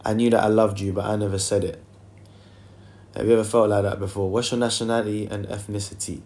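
A man's voice: lowish voice, flat delivery, fast talker. Chatty young man on a livestream. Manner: loose and chatty, many fillers, sings softly in between. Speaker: singer hosting a livestream. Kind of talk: casual livestream chat, reading comments.

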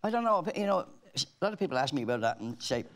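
A man's voice: a little high, very animated, rapid-fire. An Irish man, a talk show guest, telling rambling anecdotes in casual chat with frequent restarts.

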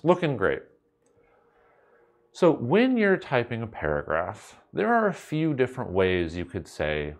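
A man's voice: on the low side, big pitch swings, a little slow. A man teaching a recorded coding lesson at his computer, in a playful, wry way with jokey asides to the viewer. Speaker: instructor.

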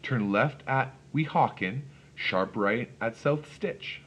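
A man reading a rhyming storybook aloud in first person, with expressive, rhythmic delivery. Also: medium pitch, takes it slowly, slightly rough, lo-fi sound.

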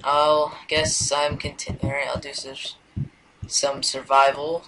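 A man's voice: medium pitch, little pitch movement, a little slow, noisy background. A man giving casual let's-play commentary, rambling and hesitant, now and then dropping to a mumbled whisper. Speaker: gameplay commentator.

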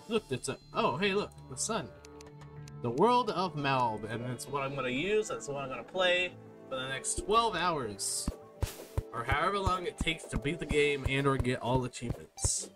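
A man's voice: medium pitch, sing-song, measured pace. A young man giving playful, rambling gaming commentary, repeating silly words in sing-song loops. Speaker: gaming video creator. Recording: game music behind.

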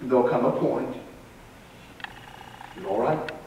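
Pastor preaching in a roomy church. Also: male voice, medium pitch, slow pace, slight background noise. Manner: swings between loud and soft, repeats words. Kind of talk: sermon. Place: church sanctuary. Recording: roomy live church recording from a distance.

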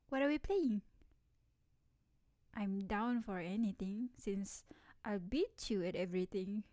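Actress as playful tomboy best friend in ASMR role-play; mellow, unhurried, teasing. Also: female voice, on the high side, dry recording, studio quality. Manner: teasing, playful, laughs often. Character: energetic teasing tomboy childhood best friend, young woman.

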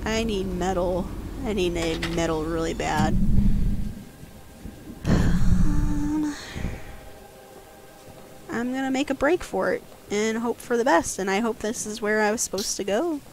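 A woman giving casual let's-play commentary as a guest host, jumpy and quick to yelp when frightened. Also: mid-range voice, expressive, darkish tone, slight background noise. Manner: jumpy, yelps and squeals when scared.

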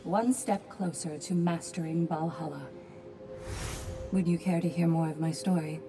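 A woman voices a reflective healer woman in a game, her voice low and measured. She tells her story slowly and calmly, and game music plays underneath. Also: close to an everyday voice. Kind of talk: game dialogue.

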